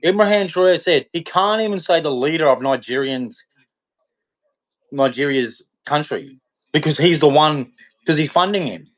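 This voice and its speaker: In a hot Queensland room, a male host delivers unscripted live commentary at normal speed. His voice sits on the high side and is expressive, and he talks heatedly, rambling, repeating himself and often starting sentences over.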